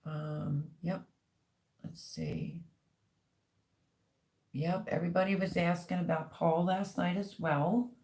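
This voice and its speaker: A woman's voice: fairly low pitch, steady tone, takes it slowly, pauses often, darkish tone. A middle-aged woman hosting a casual livestream, chatting and reading out viewer comments with lots of ums. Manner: chatty, rambling, many ums. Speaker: livestream host.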